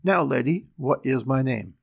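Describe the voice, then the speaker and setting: A man's voice: mid-range voice, lively intonation, moderate pace, gravelly, breathy edge, exaggerated voice. A man doing Rumpelstiltskin, spiteful little dwarf. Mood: smug.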